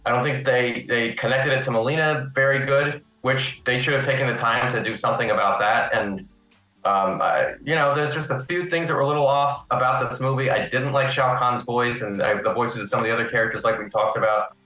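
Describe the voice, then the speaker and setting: A man chatting as a guest on a live panel stream, laying out his points calmly. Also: mid-range voice, fairly quick, roomy sound, faint music behind, low-quality recording. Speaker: guest YouTuber. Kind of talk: casual panel chat.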